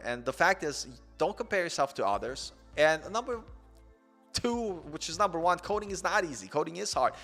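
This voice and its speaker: A man's voice: a little high, pushed and bright, big-room sound. Earnest rambling man in his forties. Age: 40s. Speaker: host of a coding channel. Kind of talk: casual live-stream chat.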